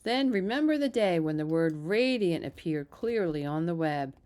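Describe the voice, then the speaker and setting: A woman reads a children's novel aloud at a steady pace, slipping on a word now and then. Her voice is slightly low. She narrates evenly. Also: normal speed. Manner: steady, even narration with small slips. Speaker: reader. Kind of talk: storybook read-aloud.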